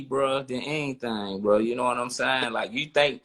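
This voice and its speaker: A man's voice: mid-range voice, normal speed, a bit bright. A man co-hosting a podcast, talking bluntly in casual street slang and often asking "you know what I'm saying". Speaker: podcast co-host.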